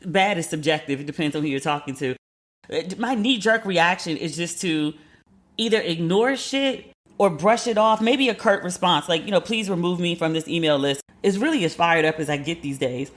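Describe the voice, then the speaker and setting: A woman podcast host telling a story in a candid, casual way, swearing freely and acting out what people said with sharp jumps in pitch. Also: moderate pace. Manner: candid and profane, acts out quotes with lively jumps in pitch.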